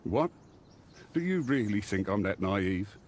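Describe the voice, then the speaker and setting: An actor playing a sarcastic, impatient police inspector in a mystery game, with a dry, mocking manner. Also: male voice, lowish voice, very animated, measured pace, a little mellow, slight background noise. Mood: brusque, sarcastic.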